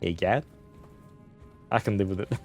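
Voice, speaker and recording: A man's voice: low voice, normal speed, faint music behind. An Australian man chatting casually on a game stream, rambling, chuckling often and swearing offhandedly. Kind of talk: casual live-stream chat.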